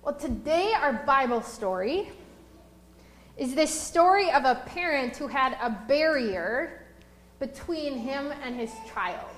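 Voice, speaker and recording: A woman with a high voice preaches a sermon, weaving a personal story into her message. She slows and stresses each phrase when reading scripture. The sound carries a roomy echo. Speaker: pastor.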